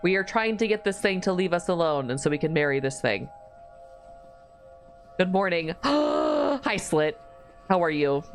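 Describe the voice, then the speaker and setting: Lively, foul-mouthed woman streamer. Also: lowish voice, unhurried, long pauses, faint music behind. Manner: swears freely, bantering with chat. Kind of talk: casual live-stream chat while gaming.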